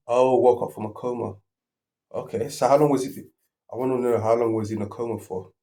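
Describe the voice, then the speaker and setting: A man's voice: mid-range voice, steady tone, fairly quick, background noise. A man hosting a reaction video, rambling as he thinks aloud and keeps restarting his sentences.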